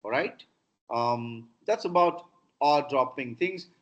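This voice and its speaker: A man's voice: medium pitch, animated, takes it slowly. A middle-aged man with an Indian English accent giving an online lecture on pronunciation, repeating words to show how stress shifts. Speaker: professor teaching pronunciation. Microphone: video call. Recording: dull lo-fi video call audio.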